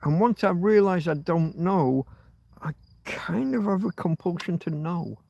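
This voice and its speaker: A man's voice: sits high, expressive, a little slow, creaky, darkish tone, dry recording. A man hosting a livestream, thinking aloud in rambling casual chat, often muttering and swearing to himself. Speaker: livestream host.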